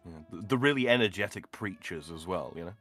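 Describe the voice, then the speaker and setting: A man co-hosting a casual podcast chat, speaking haltingly with many fillers. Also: sits low, lively intonation, fairly bright tone, soft background music. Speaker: podcast co-host.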